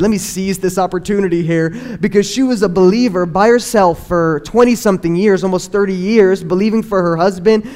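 A young man giving an earnest personal faith testimony, telling his story and acting out what people said in lively bursts. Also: high-pitched. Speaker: testimony speaker.

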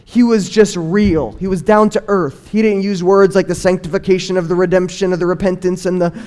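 A young man with a high voice tells his own faith testimony in an earnest storytelling way. He acts out remembered remarks in lively bursts. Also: fairly quick. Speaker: testimony speaker. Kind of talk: personal testimony.

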